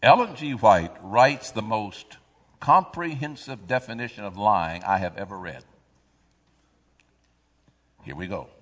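A man preaching a sermon, reading scripture aloud and drawing the congregation in with call-and-response questions and sudden loud swells. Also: lowish voice, lively intonation, measured pace, pauses often, big-room sound.

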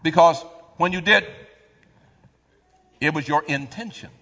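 A man preaching a sermon, reading scripture aloud and drawing the congregation in with call-and-response questions and sudden loud swells. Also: fairly high pitch, unhurried, in a large hall.

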